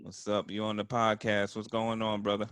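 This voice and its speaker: A man's voice: fairly low pitch, completely flat delivery, normal speed, fairly bright tone, smooth, no room sound, studio quality. A man, co-hosting a casual podcast in a laid-back way with brief interjections. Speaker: podcast co-host.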